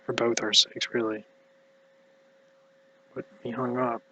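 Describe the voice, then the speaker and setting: An exhausted man talks in a mumbly, halting ramble that keeps slipping into near-whispers. His voice has a bright edge but almost no rise and fall. A faint hum sits under it. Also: medium pitch, little pitch movement, poor audio. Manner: halting, hushed, drifting into whispers. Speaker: vlogger. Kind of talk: rambling personal monologue.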